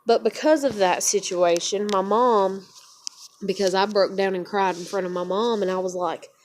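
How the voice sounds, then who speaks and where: A young woman talks straight to the camera in a personal vlog, raw and venting. She curses freely as she tells a painful family story, and her voice sits at an ordinary middle pitch for a woman. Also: dark tone. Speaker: vlogger.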